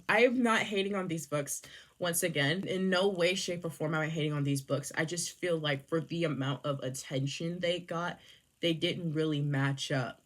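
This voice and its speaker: Low-voiced sarcastic young woman. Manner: sarcastic, profane, rambling. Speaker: book reviewer. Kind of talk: casual chat.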